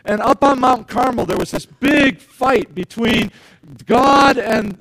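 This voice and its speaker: A man's voice: extremely high pitch, takes it slowly, creaky, a bit bright, no echo, low-quality recording. A male pastor giving a conversational sermon, often repeating words and putting questions to the congregation.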